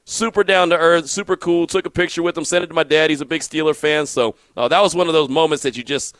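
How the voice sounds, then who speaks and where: A man hosting a sports radio show, telling stories in an animated way and acting out the quotes. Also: on the high side, fast talker, no room sound. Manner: animated storyteller, acts out quotes. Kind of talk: casual sports radio talk.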